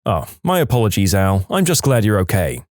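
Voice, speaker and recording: A courteous, bemused man answers a strange phone call, as a male narrator voices him. He sounds apologetic and well-mannered, and his pitch moves about a lot. The sound is close and dry. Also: very animated, fairly quick, a little mellow, no echo. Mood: polite. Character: polite, bewildered man taking a wrong-number call.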